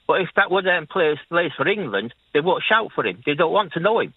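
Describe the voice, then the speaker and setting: A man's voice: on the high side, big pitch swings, fairly quick, slightly rough, no room sound. Older caller, man in his sixties, Leeds-flavored Irish accent, chatty and repetitive, tinny phone sound with a dry feel. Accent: Leeds-tinged Irish. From Ireland. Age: 60s. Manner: chatty, rambling, repeats himself. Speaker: caller, taxi driver. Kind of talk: phone-in radio chat.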